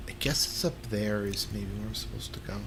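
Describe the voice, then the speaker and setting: A man's voice: lowish voice, a little fast, gravelly. Give me a male streamer chatting casually while gaming, rambling and blunt, with faint background noise. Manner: rambling, filler-heavy, blunt and crude. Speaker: livestreamer.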